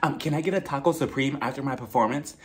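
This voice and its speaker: A man voicing a gushing, fussy woman on a reality show, with a low, fawning mutter. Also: fast talker, fairly bright tone, natural voice.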